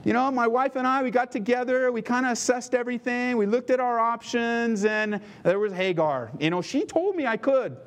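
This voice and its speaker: A man's voice: very high voice, moderate pace, few pauses, voice pushed up. A man voicing the elderly patriarch Abraham, earnest and pleading as he schemes to help a promise along. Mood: explaining.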